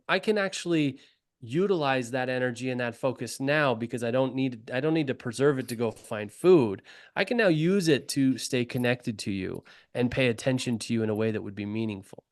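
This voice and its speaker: A man co-hosting a leadership podcast, speaking thoughtfully with frequent pauses and fillers. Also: mid-range voice. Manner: thoughtful, measured, many fillers. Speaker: podcast co-host, leadership coach. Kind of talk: casual conversation.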